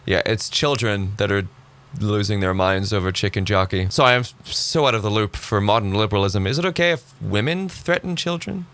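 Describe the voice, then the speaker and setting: A man giving sarcastic, animated commentary as he reacts to clips on his channel. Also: on the low side, fairly quick.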